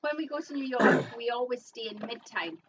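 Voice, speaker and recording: A woman's voice: on the high side, expressive, brisk, heavy background noise. A woman co-hosting a casual live stream, giggly and teasing, repeating her own jokes. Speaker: co-host. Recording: distant, dull lo-fi sound.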